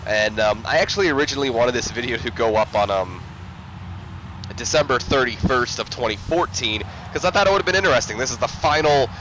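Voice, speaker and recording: Guy doing casual game commentary, kinda rambly and self-mocking, bright tone. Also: medium pitch, expressive, fairly quick, slight background noise. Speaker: let's play commentator.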